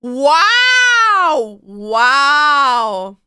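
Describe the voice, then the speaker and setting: A high-pitched woman with a bright, crisp voice chats casually as a streamer, her showing. She talks slowly and playfully, her pitch leaping around as she exclaims. The sound is dry and close. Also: big pitch swings, dry recording. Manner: playful, exclaims and sings nonsense words. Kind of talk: casual chat while getting ready.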